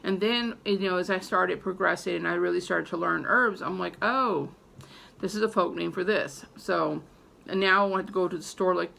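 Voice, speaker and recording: A woman's voice: fairly low pitch, moderate pace, gravelly, sharp tone. A woman talking loosely to her viewers about growing and using herbs, rambling with many fillers and restarts. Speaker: herbalist teaching about herbs and spell work. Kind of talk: casual unscripted video talk to viewers.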